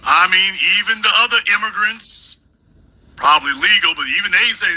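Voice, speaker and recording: A man's voice: sits high, expressive, normal speed, pushed and bright, poor audio. A man hosting a political commentary show, sarcastic and emphatic, repeating lines for effect. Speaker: host.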